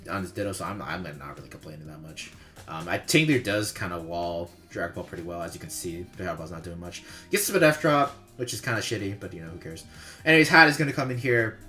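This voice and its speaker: A man's voice: lowish voice, pushed and bright. A man giving casual, rambling commentary over a replay of his own match, chuckling often and swearing offhandedly.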